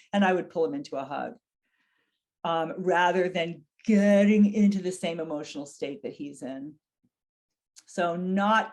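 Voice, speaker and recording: A woman's voice: fairly low pitch, normal speed, a little mellow. A middle-aged woman giving an educational webinar on dementia care, speaking earnestly and acting out example phrases in a raised voice.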